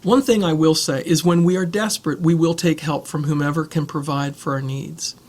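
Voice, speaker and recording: A man's voice: on the high side, steady tone, a little fast, a little mellow. A man preaching a sermon as pastor, reading scripture and reflecting earnestly on it.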